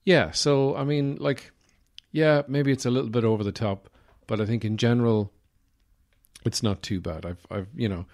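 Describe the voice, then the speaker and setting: A man's voice: mid-range voice, moderate pace, a little mellow. Podcast host: Irish man, easygoing, rambling, salty language. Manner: rambling, sweary, full of fillers. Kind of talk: casual chat.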